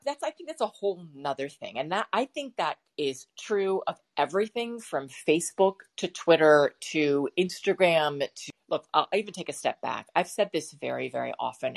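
A woman co-hosting a casual podcast, her voice sitting low with a gravelly fry running through it. She thinks aloud as she goes, looping through fillers and restarts before she lands a point. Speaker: podcast co-host. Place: home setup with a bird in the background.

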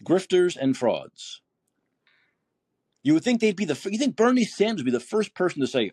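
A man's voice: high voice, big pitch swings, a little fast, darkish tone, slightly rough, no room sound. Heated male political podcast host. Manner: heated, indignant, swearing, rhetorical questions; reads listener posts aloud. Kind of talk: political commentary monologue.

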